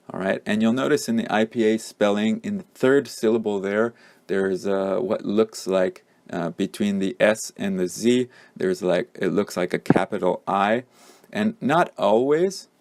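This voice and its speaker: A man teaching English pronunciation in an online lesson, halting often with ums and uhs as he walks through examples. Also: lowish voice, darkish tone, no room sound.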